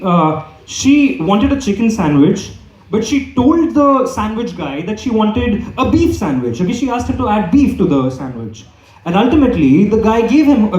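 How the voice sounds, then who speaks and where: A man's voice: high voice, darkish tone. A young man doing a stand-up comedy set in a club, rambling and asking "okay?" after nearly every line. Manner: rambling, repeats "okay?" often. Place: comedy club hall with live audience. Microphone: handheld microphone. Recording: roomy hall, distant mic.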